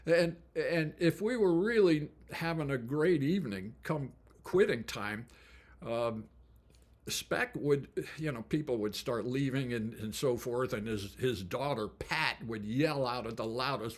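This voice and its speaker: A man's voice: mid-range voice, measured pace. An older man telling stories in a casual, folksy way, chuckling often as he talks. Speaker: musician and storyteller. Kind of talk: casual spoken storytelling.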